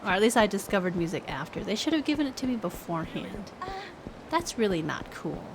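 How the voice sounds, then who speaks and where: Over game music and a noisy background, a young woman keeps up casual live-stream commentary, musing aloud while she plays and playfully repeating words. She speaks briskly in a mid-range, sing-song voice.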